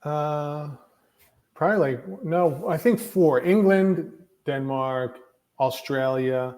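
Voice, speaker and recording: A man's voice: fairly high pitch, slow pace, darkish tone. A man appearing as a guest coach on a podcast, talking casually and correcting himself as he recalls details. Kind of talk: casual conversation.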